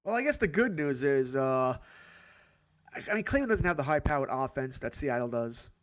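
A middle-aged man, a guest sports analyst, chatting in a quick, agreeable, reflective way. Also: medium pitch, big pitch swings, no room sound, poor audio. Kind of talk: casual sports talk.

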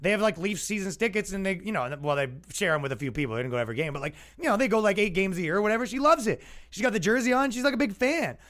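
Brief: man, comedy podcast host, high voice, sarcastic rant, acts out both sides. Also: lively intonation, very fast, few pauses, fairly bright tone. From Canada. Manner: sarcastic, mocking, acts out imagined dialogue.

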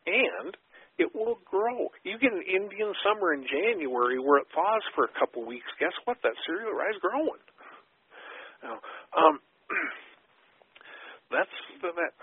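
A man's voice: medium pitch, slightly rough, no echo. A man giving folksy, rambling answers as a guest in a podcast interview, with sarcastic asides and many digressions. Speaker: guest habitat expert. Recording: tinny phone line.

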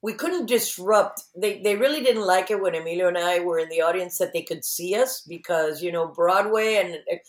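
A woman's voice: on the low side, reverberant. A woman guest in an interview, chatting casually and acting out quotes as she tells stories. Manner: animated storyteller, acts out quotes.

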